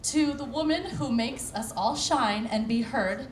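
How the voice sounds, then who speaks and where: A woman's voice: a little high, a little slow. A woman, a cabaret singer, giving an emotional acceptance speech on stage at an award show and thanking a long list of people. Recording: echoey hall with background noise.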